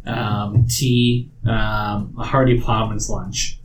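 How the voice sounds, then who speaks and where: A man running a tabletop game as game master, narrating scenes in a descriptive, unhurried way. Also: fairly low pitch, little pitch movement, a little hiss or hum, rough recording.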